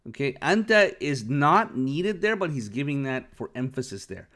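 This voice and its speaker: A man's voice: medium pitch, sing-song, moderate pace, a bit bright. A man who is not a native Arabic speaker, teaching Arabic vocabulary patiently and often checking understanding with an "okay?". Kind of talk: explaining a lesson.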